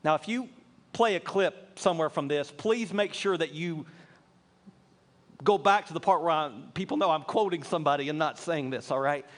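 A man preaching a sermon to his church, earnest and building from quiet asides to fervent appeals. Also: a little high, moderate pace. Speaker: pastor.

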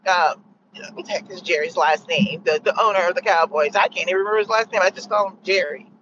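Woman vlogger, mid-pitch, sarcastic and rambling, muffled lo-fi phone audio with faint road noise. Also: fast. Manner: sarcastic, rambling, lots of fillers. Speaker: vlogger sharing opinions. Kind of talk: casual opinion monologue.

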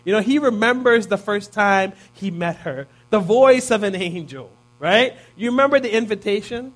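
Thirties male preacher, high voice, relaxed and chatty, keeps asking the room "right?". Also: normal speed. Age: 30s. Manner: casual, peppers points with "right?". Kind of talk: conversational sermon.

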